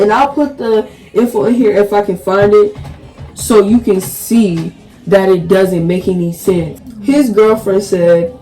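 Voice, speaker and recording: Young woman rambling thru a storytime, warm low-key voice, faint music behind her. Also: poor audio. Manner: rambling, with many "like"s and restarts. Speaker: storytime vlogger. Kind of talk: casual storytime.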